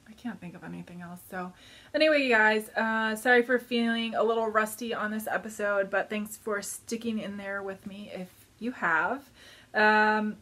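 A woman's voice: mid-range voice, normal speed, sharp tone. A woman in her thirties chatting casually to camera as a knitting vlogger, rambling and hesitant, with many fillers.

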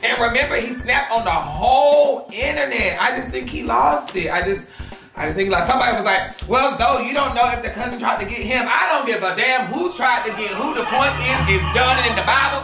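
A woman's voice: a little high, animated, moderate pace. A woman hosting a gossip vlog, talking casually and bluntly, sassy and profane. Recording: echoey room, off-mic, music underneath.

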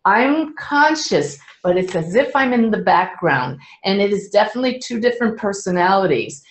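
An older woman, a spiritual medium, calmly and earnestly explaining her practice to a live audience. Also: medium pitch, moderate pace, reverberant, rough recording. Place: indoor event room with an audience.

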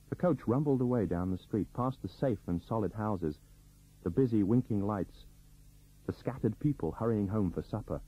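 A man reading a novel aloud as an audiobook narrator, in scripted narration with a lively, varied delivery. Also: lowish voice, moderate pace, slightly rough. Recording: dull lo-fi recording.

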